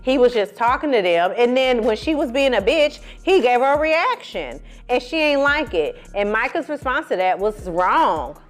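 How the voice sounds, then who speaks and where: A woman's voice: fairly high pitch, moderate pace, few pauses, faint music behind. A woman doing a casual recap of a reality show, sassy and profane, telling it with lots of attitude. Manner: sassy, profane, animated storytelling. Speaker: film and TV reviewer.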